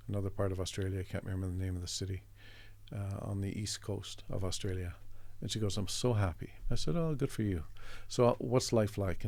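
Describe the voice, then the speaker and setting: Gravelly low-voiced man telling a story. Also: warm tone. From Canada. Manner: reflective, meandering anecdotes with restarts. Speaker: interview guest, artist. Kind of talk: conversational storytelling.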